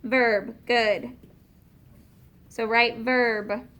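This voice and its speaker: A woman teaching a class of young students, patiently asking questions and slowing down to spell out and explain words. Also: fairly high pitch, steady tone, fairly bright tone.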